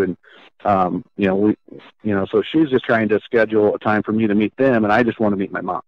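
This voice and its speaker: A man with a low voice tells a personal story in an interview, earnest and halting, often stopping to rephrase. The recording is dull and slightly lo-fi, with a dry, close sound. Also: no room sound. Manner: earnest and halting, with frequent restarts. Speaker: guest.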